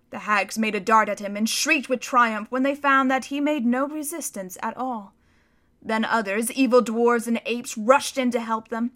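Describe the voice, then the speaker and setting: Expressive, bright-voiced woman storyteller. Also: fairly high pitch. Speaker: narrator. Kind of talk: audiobook reading of a children's story.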